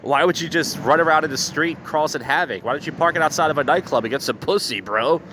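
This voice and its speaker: Out on a street with faint traffic and street noise around him, a man hosts his podcast while a bit drunk and slightly slurring. His storytelling monologue is casual, blunt, profane, and bitter, delivered in a fairly high, animated, fast voice.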